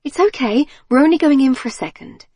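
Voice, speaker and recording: A woman's voice: high voice, expressive, fairly quick, dark tone, no echo, clean studio sound, voice pushed up. A woman voicing a flustered, apologetic suburban mum who gushes and pleads. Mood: gushing. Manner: gushing, apologetic, breathless.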